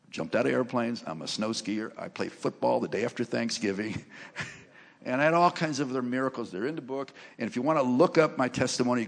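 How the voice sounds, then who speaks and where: A man preaching a sermon and sharing his testimony in a church, joking as he tells stories and rising to loud, emphatic lines. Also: mid-range voice. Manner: animated, joking storyteller who rises to loud emphasis. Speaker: guest preacher. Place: church sanctuary. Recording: long reverb of a large church hall.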